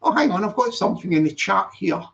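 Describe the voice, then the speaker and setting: A man's voice: sits high, very animated, fast, creaky, a bit bright. A man hosting his channel in casual live-stream chat, rambling, correcting himself and reading out the chat. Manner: rambling, self-correcting, stops to read the chat aloud. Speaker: channel host. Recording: dull lo-fi sound.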